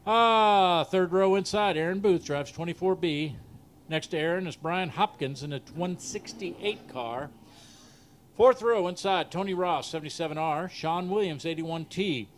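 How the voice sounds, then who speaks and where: Over the PA at a dirt track race, a Southern-accented man with a high-pitched voice calls the action live, with a slight hiss or hum in the audio. He cracks jokes, laughs at himself, and reads off the starting lineup at a brisk clip.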